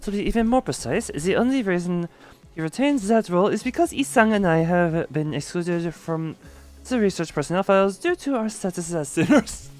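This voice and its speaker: A text-to-speech voice of a woman speaking as a calm, precise female sinner from a game, with formal, measured phrasing. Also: on the low side, faint music behind. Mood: coolly formal.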